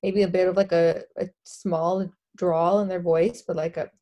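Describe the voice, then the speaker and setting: A woman from the Southern United States chatting about a film in a relaxed, rambling way with many fillers. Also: lowish voice, moderate pace. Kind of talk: casual film discussion.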